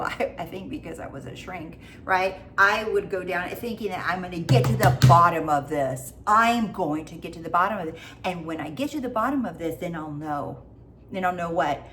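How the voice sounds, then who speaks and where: A woman's voice: on the low side, a bit bright, a little hiss or hum. A woman life coach giving a casual motivational talk, goofy, blunt and freely swearing.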